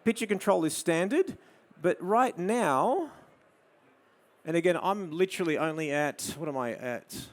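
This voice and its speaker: A man with an Australian accent giving a live photography demo, explaining his camera settings and coaxing a model with soft murmured praise. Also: on the high side, expressive, measured pace. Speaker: photography presenter. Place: studio demo before an audience.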